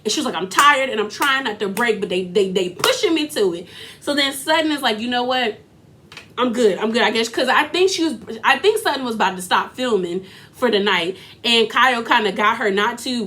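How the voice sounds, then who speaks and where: Woman recap host, slightly high voice, sassy slangy delivery. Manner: animated, sassy, slangy retelling with acted-out quotes. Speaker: reality TV recap commentator. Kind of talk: casual recap commentary.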